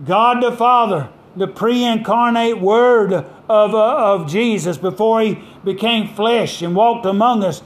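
A man preaching a sermon with fervent call-and-response delivery, dramatic pauses and emphatic scripture quotes. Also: high voice.

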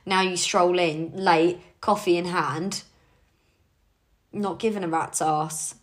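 Young woman, lowish voice, chatty pep talk to her team, lots of likes and ums. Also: fairly even intonation, slow pace. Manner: chatty and encouraging, with frequent "like" and "um". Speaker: team leader. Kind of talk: casual motivational talk.

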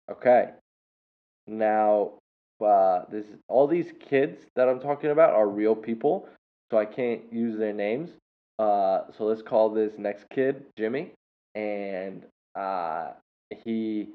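Tinny-sounding man rambling casually. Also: on the low side. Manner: rambling, with many fillers and self-corrections. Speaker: podcast host and English teacher. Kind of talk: casual storytelling monologue.

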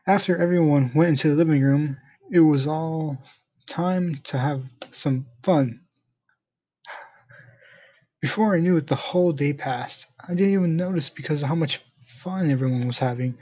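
Guy reading a story out, husky mellow voice, kinda muffled lo-fi audio. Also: fairly high pitch, normal speed. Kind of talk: first-person story narration. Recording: dull lo-fi recording.

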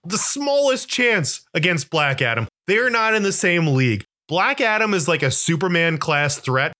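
Guy co-hosting a podcast, bright sharp voice, swears a lot, gets loud and squeaky when he rants. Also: normal speed. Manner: animated, profane ranting, voice jumps up when worked up. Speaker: podcast co-host. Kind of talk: casual movie chat.

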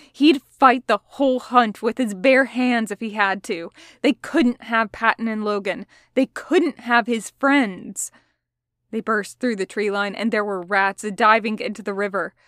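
A woman reading fan fiction aloud as audiobook narration, steady and picking up pace in tense passages. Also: mid-range voice, unhurried, no room sound, studio quality. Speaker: podfic reader.

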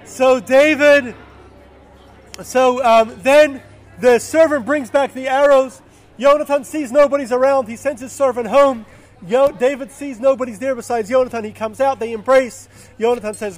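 A man's voice: extremely high pitch, normal speed, soft background music. A man casually retelling a Bible story, with fillers and self-corrections.

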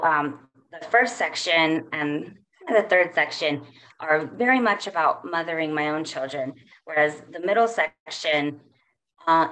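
At a poetry reading, a middle-aged woman poet speaks in a lowish voice. She lingers over each line, measured and unhurried, leaving soft pauses between phrases.

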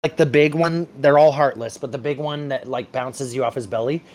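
Male podcast guest, mid-pitched, animated and opinionated in casual chat. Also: fairly quick. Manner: animated, opinionated fan talk.

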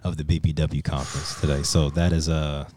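A man's voice: a bass voice, brisk, slight background noise. A man on a podcast, casually telling a profane story and acting out what people said. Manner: profane, animated storyteller who acts out quotes. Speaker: podcast co-host.

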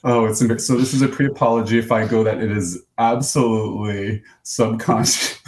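An American man chats on a podcast in a fairly low voice, self-deprecating and pausing on fillers as he talks. The sound carries a noticeable room echo. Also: steady tone, a little mellow. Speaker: podcast co-host. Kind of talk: casual chat. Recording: roomy echo.

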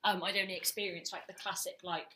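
A woman's voice: lowish voice, level tone, fast talker, bright, forceful tone, echoey room, low-quality recording. A young woman co-hosting a podcast, talking candidly and expressively and mocking herself. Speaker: podcast co-host. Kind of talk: casual chat.

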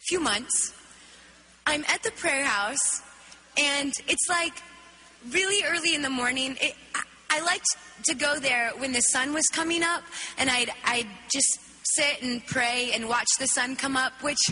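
A woman giving an animated spoken testimony, acting out her own reactions as she tells the story. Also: high-pitched, unhurried, in a large hall, soft background music. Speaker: worship leader telling a testimony.

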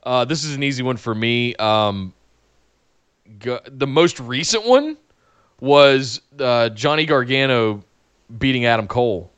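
A man's voice: mid-range voice, measured pace, fairly bright tone, clear, resonant tone, no room sound. A man co-hosting a casual podcast, reading listener questions and answering thoughtfully with some hesitation. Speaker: podcast co-host.

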